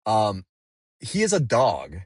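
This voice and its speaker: Low-voiced man telling a story casually. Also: huge pitch swings, takes it slowly, darkish tone, dry recording, studio quality. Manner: rambling, swears freely, heavy with fillers. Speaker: delivery driver.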